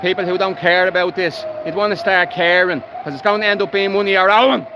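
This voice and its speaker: A Dublin man with a slightly raised voice talks bluntly into his phone as he walks, swearing freely. Clear traffic hum and street noise sit around him outdoors. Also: sits high, steady tone, fairly quick. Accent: Irish, Dublin. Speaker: livestreamer. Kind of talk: walking livestream commentary.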